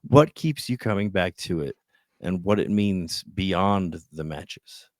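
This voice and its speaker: Male host, very deep voice, lively pitch, measured questions, dry sound. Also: dry recording. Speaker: podcast host. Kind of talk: interview questions.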